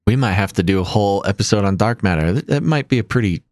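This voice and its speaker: A man's voice: lowish voice, animated, quick pace, darkish tone, no room sound, clean studio sound. A man co-hosting a podcast, explaining science topics in a playful, jokey way. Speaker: podcast co-host. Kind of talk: casual podcast chat.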